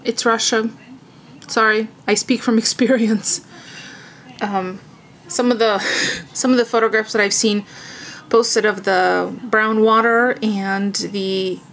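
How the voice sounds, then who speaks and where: A woman talks through a relaxed daily vlog in her home kitchen, rambling from topic to topic with plenty of fillers and amused asides. Her pitch sits in a middling range. A faint hiss of noise runs under the recording. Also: slow pace, rough recording. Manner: cooking while talking. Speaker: vlogger. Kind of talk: casual chatty vlog.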